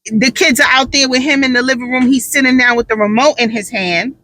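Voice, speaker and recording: A tired mother in casual storytelling, talking in an animated, sassy way and leaning on emphatic repeats. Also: sits high, fairly quick, a little hiss or hum. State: tired, drained. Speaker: mother and vlogger.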